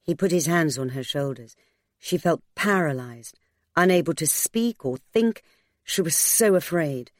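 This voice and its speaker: A woman narrating a novel in a steady, measured storytelling voice. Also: sits low, dry recording, clean studio sound. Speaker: audiobook narrator.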